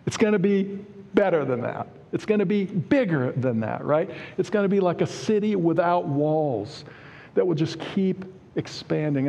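Man preaching with a mellow voice in a reverberant church. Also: on the high side, highs cut off. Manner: conversational preaching, asks the congregation for amens. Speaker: pastor. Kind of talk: sermon. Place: church sanctuary. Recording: long hall reverb.

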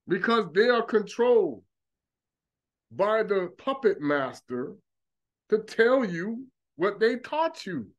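High-voiced man preaching with mocking asides. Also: very animated, takes it slowly, dull audio. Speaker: religious commentator. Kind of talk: preaching monologue.

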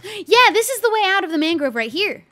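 A woman's voice: extremely high pitch, big pitch swings, fairly quick, a bit bright. A woman chatting in character as a humble young witch, bubbly and self-deprecating. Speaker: roleplay series host in character as a witch. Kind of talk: in-character roleplay narration.

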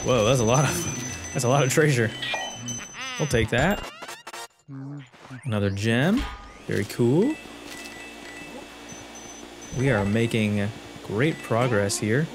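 A man's voice: mid-range voice, lively intonation, slow pace, long pauses. A man who hosts a gaming channel, giving joking, sarcastic let's play commentary. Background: game music.

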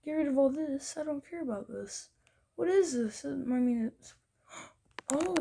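A young woman giving casual gameplay commentary, thinking aloud, getting excited and now and then dropping into whispers. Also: high-pitched, measured pace, vocal fry. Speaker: gaming video creator. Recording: faint background noise.

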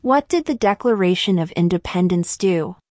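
Slow, measured woman reading quiz questions. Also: on the low side, animated, darkish tone, no echo, studio quality. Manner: measured, deliberate delivery with long pauses. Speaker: civics test reader.

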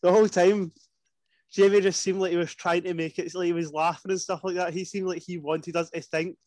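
A man's voice: high-pitched, flat delivery, brisk, a little mellow, dry recording. A man in his twenties co-hosting a casual podcast, asking teasing questions and laughing easily. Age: 20s. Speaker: podcast co-host. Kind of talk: casual chat among friends.

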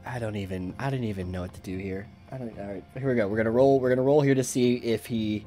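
A man narrates as game master of a tabletop game, stopping and restarting often with lots of fillers. His voice sits on the low side, and faint background music plays under the talk. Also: steady tone, fast talker, mellow.

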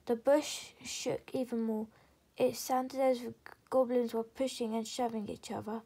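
A woman's voice: a little high, a little slow, husky, rough recording. Woman reading a children's book aloud. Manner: steady reading with small slips, soft whispery passages. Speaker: storyteller.

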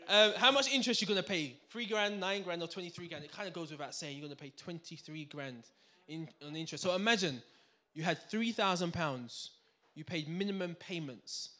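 A man giving a live finance seminar to a room audience, energetic and full of banter, quizzing the crowd. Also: high voice, brisk. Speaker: seminar speaker.

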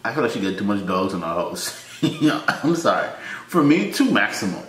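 A man hosting a reaction video in casual commentary, breaking into loud startled exclamations and laughter between wry remarks. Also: lowish voice, very animated, moderate pace, slight background noise. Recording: roomy echo with faint ambience.

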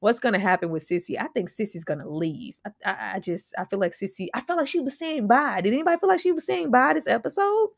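A woman's voice: a little high, expressive, fast talker, vocal fry, hardly any pauses, dry recording, studio quality. A young woman casually reviewing a TV episode, chatty and slangy, laughing often between points. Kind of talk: casual recap and reaction.

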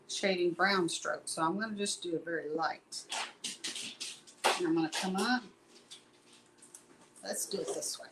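A middle-aged woman with a fairly low voice leads a casual live painting tutorial, folksy, chatty and rambling as she teaches. There's a noisy background.

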